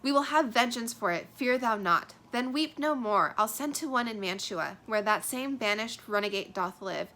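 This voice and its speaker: A stern noble mother scolds and commands in clipped verse, read aloud by a woman. Her voice is bright and sharp, and she gives each line as an order. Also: fairly high pitch, lively intonation, moderate pace, few pauses. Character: stern noblewoman mother, Lady Capulet, cold and vengeful. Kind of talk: dramatic reading of a play.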